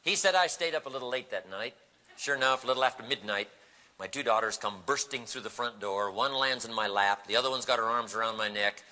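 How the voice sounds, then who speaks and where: Animated man telling seminar stories, bright voice. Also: medium pitch, brisk. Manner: animated storytelling, acting out quoted voices. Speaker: motivational speaker. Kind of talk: seminar storytelling speech. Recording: echoey hall recording.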